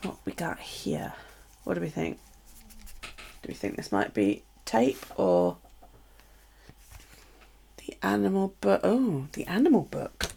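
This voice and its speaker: A woman's voice: low-pitched, huge pitch swings, unhurried, vocal fry, warm tone, a little hiss or hum. A middle-aged woman with a British accent, chatting casually to viewers while unboxing craft supplies and gushing over them. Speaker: craft live streamer.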